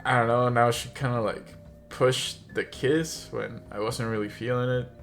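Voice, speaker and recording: A young man in a casual storytime vlog, rambling through his tale with plenty of filler words and the odd chuckle. His voice sits at an ordinary middle pitch, with soft music running faintly underneath. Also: fairly even intonation, normal speed, creaky. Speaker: vlogger.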